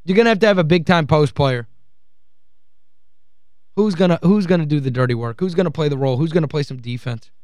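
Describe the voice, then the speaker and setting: In a darkish, slightly high voice, a male sports radio host speaks fairly quickly with frequent pauses, ranting from the studio on a call-in show. He sounds heated and exasperated, hammering points by repeating phrases, and the recording is dry.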